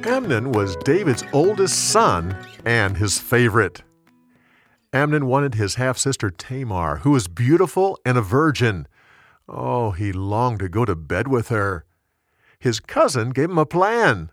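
A man's voice: medium pitch, a little slow, dry recording, studio quality, faint music behind. A man telling a Bible story dramatically and shifting his voice for each character. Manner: expressive, animated character voices.

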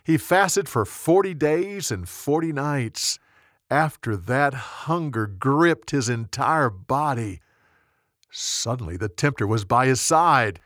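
Slow, expressive male storyteller. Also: medium pitch, no echo, clean studio sound. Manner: dramatic, expressive reading. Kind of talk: scripted Bible story narration.

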